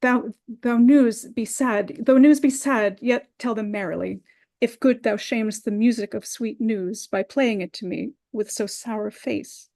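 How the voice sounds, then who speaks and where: A lovesick young girl, impatient and pleading, her lines rising urgently as she presses for news, read by a woman. The voice sits a little high. It carries the air of a Shakespeare reading. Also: unhurried, vocal fry, warm tone.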